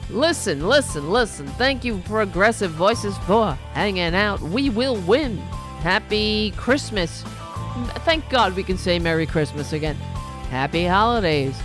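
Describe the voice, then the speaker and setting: Sarcastic woman podcast host, lively pitch. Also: measured pace, music in the background. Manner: mocking, sarcastic asides. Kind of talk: sarcastic political commentary.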